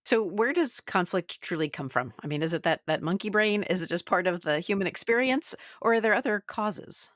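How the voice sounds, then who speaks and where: A woman's voice: mid-range voice, expressive, a little fast, hardly any pauses, fairly bright tone, no echo, clean studio sound. A woman hosting an interview, asking the guest short, direct questions with curiosity. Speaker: interview host.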